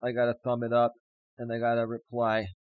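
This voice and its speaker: Guy ranting on his livestream, gets teary thanking a donor, normal pitch, dead dry room. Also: completely flat delivery, brisk, dry recording, narrow, tinny audio. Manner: indignant rant turning to emotional gratitude. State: emotional, near tears. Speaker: live-stream host and life coach. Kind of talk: live-stream talk reading super chats.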